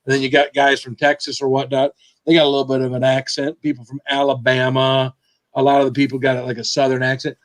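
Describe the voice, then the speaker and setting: A man's voice: mid-range voice, monotone, fast, no echo. A man from Michigan hosting a casual video chat, talking in a rambling, chatty way that repeats itself. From Michigan, USA. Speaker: channel host.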